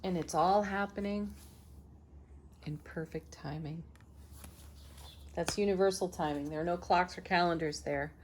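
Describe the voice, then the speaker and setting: A woman reads tarot cards for her viewers in an unhurried, gently affirming voice. Her tone sits a little low, and she often stops to laugh softly between cards. A faint hum of background noise stays under her words. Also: steady tone. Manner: slow, soothing, affirming delivery. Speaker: tarot reader, channel host. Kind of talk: tarot reading to camera.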